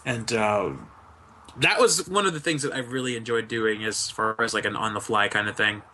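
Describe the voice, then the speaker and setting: A man's voice: on the low side, normal speed, pushed and bright, a little hiss or hum. A man talking as a guest over an online voice call, laid-back, laughing often and swearing freely. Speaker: guest, streamer. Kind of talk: casual online interview.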